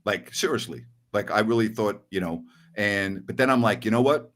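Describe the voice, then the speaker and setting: A middle-aged man and sports radio host telling a story in casual podcast chat, animated and acting out voices. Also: on the low side, moderate pace.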